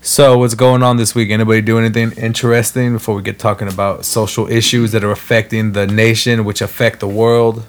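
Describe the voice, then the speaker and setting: A man hosting a casual podcast, wry and loose, dropping swear words as he talks. His voice sits a little low. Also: level tone, fairly quick, few pauses. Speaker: podcast host. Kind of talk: casual chat.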